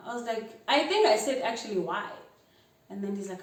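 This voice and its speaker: A South African woman in her twenties telling a story vlog-style, lively and mixing in isiXhosa phrases while acting out both sides of a conversation. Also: a little high, a little fast. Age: 20s. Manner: animated, mixes isiXhosa phrases into English, acts out both sides of a chat. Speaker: vlogger. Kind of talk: casual storytime. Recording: echoey room, mic a bit far.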